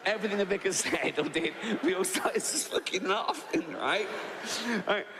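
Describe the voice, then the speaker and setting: The English stand-up in his sixties sounds a bit bright and on the high side here. Long hall reverb surrounds his storytelling as he tags lines with "right?" and chuckles through his own material.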